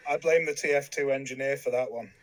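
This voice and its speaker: A man's voice: medium pitch, fast. A man from England with an English accent, a podcast guest chatting casually in a hesitant, modest way. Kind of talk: casual chat.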